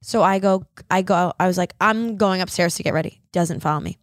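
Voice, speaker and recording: A young adult woman co-hosts a podcast, casually telling a story, laughing and animatedly acting out the quoted dialogue. Her voice sits on the low side and moves briskly, in clean studio sound with no echo.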